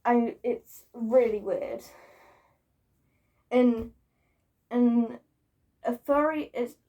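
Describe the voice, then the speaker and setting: A woman's voice: a little high, very slow, phone-quality sound. Giggly, foul-mouthed woman ranting. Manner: swears freely; giggly and self-mocking. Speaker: vlogger. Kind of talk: casual rant to camera.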